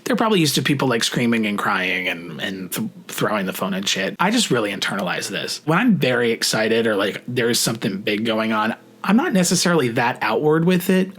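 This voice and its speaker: A young adult man casually telling a story to camera, chatty and profane, full of "like" fillers, rushing some phrases and drawing out others. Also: mid-range voice, sing-song, a bit bright, breathy edge. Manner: shifts between rushed and drawn-out phrasing. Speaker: vlogger.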